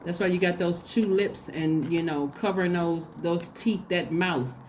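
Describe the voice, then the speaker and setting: A woman giving a casual spoken tarot reading, chatty and excitable, talking straight to her viewers. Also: on the low side, measured pace, a little hiss or hum. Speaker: tarot reader.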